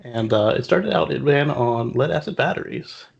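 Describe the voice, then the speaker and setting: A gravelly, husky man co-hosting a casual chat. He rambles through his points, trailing off on fillers, and his sound is dull and muffled. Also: mid-range voice, lively intonation, normal speed. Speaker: podcast co-host.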